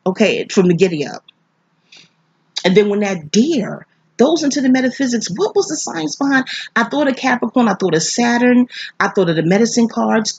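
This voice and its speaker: A woman's voice: medium pitch, breathy edge, dry recording. A groggy woman from New York rambling through a movie review, profane and digressive. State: groggy, sleepy. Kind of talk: rambling casual monologue. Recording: slightly dull, dry recording.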